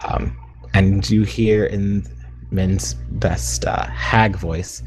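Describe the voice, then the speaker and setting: Lowish-voiced man playing a tabletop game. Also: steady tone, very slow. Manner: eager, rambling, describes his character's plans. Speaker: player.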